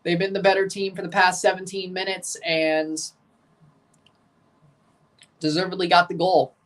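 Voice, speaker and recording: A man hosting a livestream watchalong, giving excitable play-by-play of a soccer match between chatty replies to his viewers. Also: sits high, moderate pace, pauses often, distant mic. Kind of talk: casual watchalong commentary.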